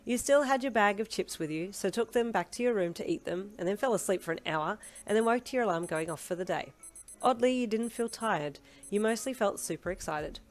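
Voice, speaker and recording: A woman narrating a fan story in a steady storytelling read. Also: mid-range voice, brisk, faint music behind. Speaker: fanfiction reader.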